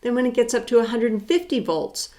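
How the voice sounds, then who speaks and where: A woman's voice: a little high, animated, brisk, dark tone. Woman, psychology professor, recorded lecture, explanatory with rhetorical questions.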